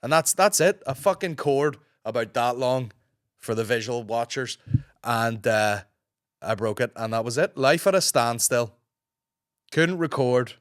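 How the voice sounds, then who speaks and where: A Northern Irish man in his thirties, a podcast host with a hoarse, gruff voice, telling rambling stories in casual chat, swearing freely. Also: medium pitch, animated, measured pace, a bit bright, dry recording, studio quality. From Northern Ireland. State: hoarse from a sore throat.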